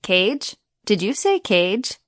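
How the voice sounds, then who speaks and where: Woman reading a sly, slow-witted jackal. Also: mid-range voice, sing-song, no echo, clean studio sound. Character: sly young male jackal, feigning slowness.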